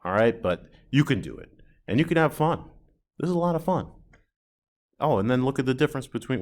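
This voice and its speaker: A man teaching a recorded drawing lesson, chatty and self-deprecating, reacting aloud to his own sketches as he works. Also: lowish voice.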